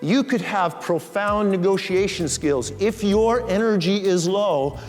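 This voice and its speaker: High-voiced man on a stage. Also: a little slow. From Canada. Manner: animated, acts out the lines he quotes. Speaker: keynote speaker. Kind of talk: motivational storytelling speech. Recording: reverberant hall with faint music.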